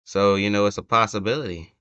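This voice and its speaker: A man's voice: lowish voice, steady tone, quick pace, bright, forceful tone, clear, resonant tone. A young man hosting a casual wrestling prediction chat, rambling and hesitant, with many fillers and restarts. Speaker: wrestling channel host. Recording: dull lo-fi home recording.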